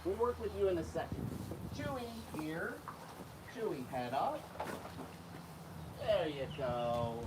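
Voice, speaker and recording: A man with a fairly high voice speaks slowly, pausing often, as he hosts an outdoor vlog feeding alligators in a windy spot. He's the keeper and channel host, animated in manner and coaxing the gators with calls. The recording is noisy.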